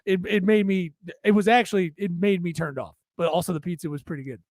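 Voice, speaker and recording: A man's voice: high-pitched, steady tone, fast talker, a little mellow, no echo, studio quality. A man co-hosting a podcast, rambling through crude, swearing stories in casual banter. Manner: crude, rambling storyteller who swears freely. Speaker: podcast co-host.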